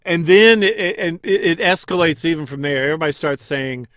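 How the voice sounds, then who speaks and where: A man co-hosting a podcast, chatting casually as he recaps scenes and acts out quick quoted lines. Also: fairly high pitch, a bit bright, no room sound, clean studio sound. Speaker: podcast co-host.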